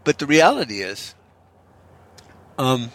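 A man's voice: medium pitch, very animated, slow. A man giving rambling, profane, sarcastic commentary, unscripted and full of restarts.

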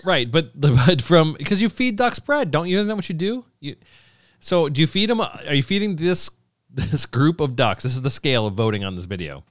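A man's voice: on the high side, animated, moderate pace, no echo. Guy hosting a chill video reaction chat, voice jumps around a lot, dry sound. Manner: laughing, leads the vote.

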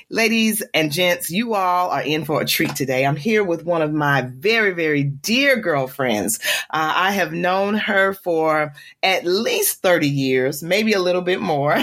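A middle-aged woman hosts a casual podcast chat. Her voice sits low and a little husky, and she greets her guest with upbeat, effusive welcomes. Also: a bit bright. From Georgia, USA. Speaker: podcast host.

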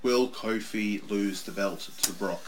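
A man co-hosting a casual wrestling watch-along, playful and prone to sudden loud excited shouts. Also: on the low side, takes it slowly. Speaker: co-host.

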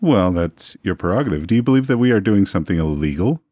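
Deep-voiced florid showman, 1920s curator type, dry close sound voiced by a male player. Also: animated, fast talker, warm tone, no echo. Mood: suave. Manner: florid, long-winded, genteel phrasing. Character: pompous male 1920s museum owner, smooth-talking. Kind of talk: tabletop role-play in character.

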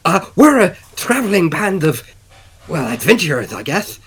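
A man's voice: a little high, big pitch swings, moderate pace, a bit bright, slight background noise, poor audio. A man voicing a polite, fussy male gnome adventurer who fumbles over his words. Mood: courteous. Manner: overly polite, flustered.

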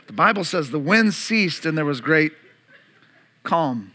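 A man preaching a sermon as pastor, animated, acting out voices to an audience in a church room. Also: fairly high pitch, a little slow. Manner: animated preaching, acts out disciples' panic and Jesus' calm.

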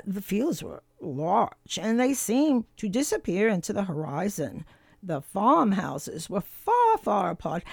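Older woman from Canada, storyteller reading a kids' book, very lively and expressive, dry close sound. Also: a little high, no room sound. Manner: expressive, animated. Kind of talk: reading a children's story aloud.

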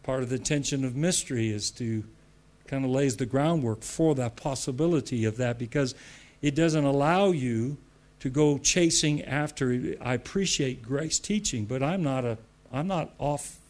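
A man's voice: medium pitch, moderate pace, darkish tone. A man preaching a sermon with emphatic repetition, laughing between points.

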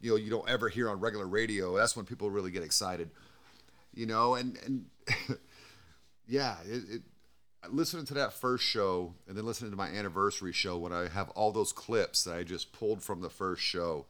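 A man's voice: fairly low pitch, a little fast, sharp tone. A man hosting a podcast and chatting casually, swearing freely and laughing often as he tells stories. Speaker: podcast host and radio DJ. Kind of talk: casual chat.

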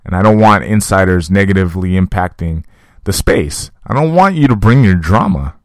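A man's voice: deep voice, lively intonation, normal speed, no room sound. A man, a fight coach, telling a story in a casual, profane, conversational monologue aimed at his listeners. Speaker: podcast host and fight coach.

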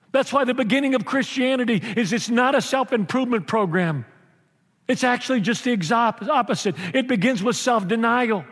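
Animated pastor preaching in a reverberant hall. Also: male voice, extremely high pitch. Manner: animated, humorous preaching with acted-out voices. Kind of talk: sermon. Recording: church hall with long reverb.

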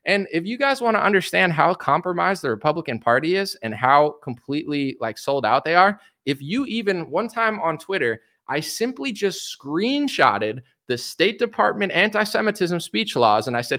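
A young man delivering a heated political rant as a commentator, animated and repeating himself, sometimes mocking others in put-on voices. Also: sits high, a little fast.

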